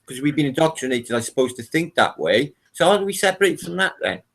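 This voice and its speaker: A man in loud, casual group chat on a call, swearing freely and cutting in over others. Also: fairly high pitch, big pitch swings, fast talker, gravelly, a little hiss or hum. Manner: boisterous, swearing, jumps in and takes over. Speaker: participant in online group call.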